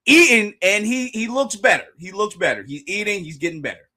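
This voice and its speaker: Excitable streamer man, bright lively voice. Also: a little fast. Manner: excitable, slangy, repeats phrases; reads dialogue aloud in a dramatic low voice. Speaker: live streamer reacting to a comic chapter. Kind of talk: live reaction stream.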